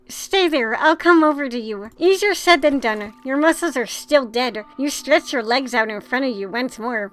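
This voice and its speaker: A woman with a high voice reads a text adventure game aloud. She reads expressively and swears now and then as she plays. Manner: expressive reading with casual swearing. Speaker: gamer.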